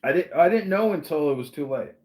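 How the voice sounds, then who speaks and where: A man hosting a podcast, telling a story in a casual, animated way and acting out the voices. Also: on the high side, fast. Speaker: podcast host. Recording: roomy echo.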